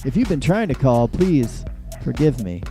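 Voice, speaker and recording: A man hosts a rambling call-in show, with a gravelly, dark and mellow voice. He mocks himself as he goes, and a faint music bed plays behind him. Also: medium pitch, sing-song, normal speed. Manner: rambling, self-mocking. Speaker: host.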